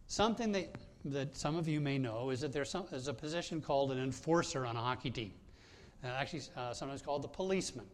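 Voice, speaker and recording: A man's voice: medium pitch, quick pace, a little hiss or hum. A man preaching a sermon as pastor, telling a personal story in a conversational way with frequent hesitations and restarts.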